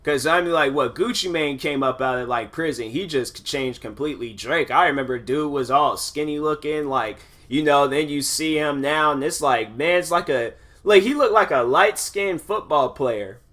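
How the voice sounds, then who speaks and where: A young man hosts his own podcast, talking in a loose, rambling monologue packed with fillers and restarts. His voice sits a little high and sounds bright and forward. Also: moderate pace, few pauses. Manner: rambling, filler-heavy talk with many restarts. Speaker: podcast host. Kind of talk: casual monologue.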